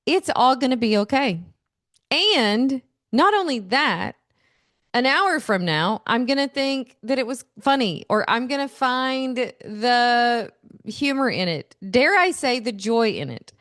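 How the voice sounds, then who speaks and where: Woman, 40s, solo podcast host; lively storyteller with easy laughs, close dry mic. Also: a little high, takes it slowly, no room sound. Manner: animated storyteller, laughs often. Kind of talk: casual solo podcast talk.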